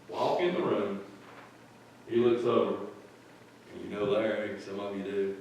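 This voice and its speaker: A man's voice: lowish voice, fairly even intonation, measured pace, long pauses. A male pastor preaching a sermon in a plain-spoken, folksy storytelling way. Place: church sanctuary. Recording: echoey church from far off.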